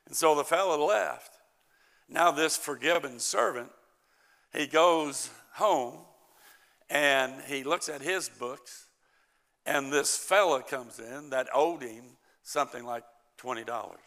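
A male pastor delivering a sermon at an unhurried, deliberate pace. His voice is bright and edged with gravel, and he tells a story and voices its characters as he goes. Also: medium pitch. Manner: storytelling preacher, acts out the characters' lines.

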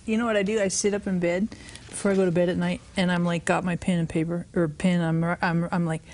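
A married woman co-hosting a Christian talk show, talking in an animated, excited way. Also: on the low side, quick pace.

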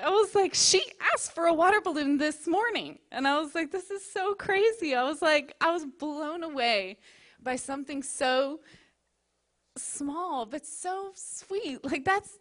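A woman in her thirties speaking at a church service, telling a story with lots of laughter and leading the offering and prayer. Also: on the high side.

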